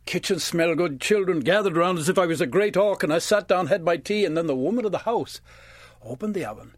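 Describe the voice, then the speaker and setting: A male storyteller performs his tale with lively chants and sound effects made by his mouth. His voice sits a bit high. It is recorded dry and close. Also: fairly quick, dry recording. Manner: animated, chanting and mimicking.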